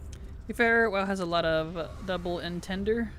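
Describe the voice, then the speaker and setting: A man streaming a video game, chatting in a playful, giggly and animated way. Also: high-pitched, measured pace, a little hiss or hum. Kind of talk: casual gaming stream chat.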